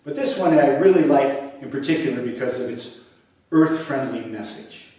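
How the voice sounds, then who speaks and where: A man telling a children's story with playful, expressive narration and sound effects. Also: mid-range voice, moderate pace. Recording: echoey room, mic at a distance.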